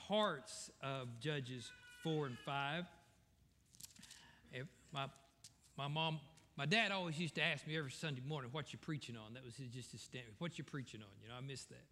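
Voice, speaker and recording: A pastor delivers a folksy, digressive sermon, circling back to correct himself as he goes. His voice is bright and sits a touch above the usual male pitch. The long reverb of a church sanctuary hangs behind him. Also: normal speed, a little hiss or hum.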